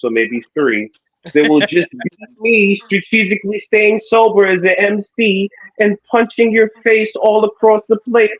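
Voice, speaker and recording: Brash high-voiced man, lo-fi battle rap. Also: slightly rough. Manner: brash, taunting, trash-talking. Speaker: battle rapper. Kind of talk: freestyle battle rap and post-battle talk.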